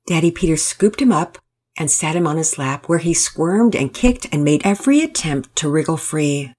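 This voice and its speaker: Husky woman reading a storybook. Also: sits low, expressive, normal speed, darkish tone. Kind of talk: scripted storybook narration.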